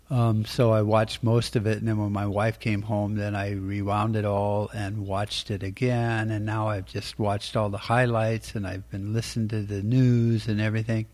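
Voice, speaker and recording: 一个语速随意、口无遮拦的美国中年男子. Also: male voice, fairly low pitch, darkish tone. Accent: American. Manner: rambling, blunt, profane. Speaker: podcast host. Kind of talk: casual political commentary.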